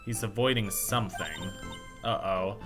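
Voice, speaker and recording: Over background music, a low-voiced let's play host reads dialogue from a courtroom game. His narration is jokey and full of character voices, with riffs, puns and fast asides dropped between the lines.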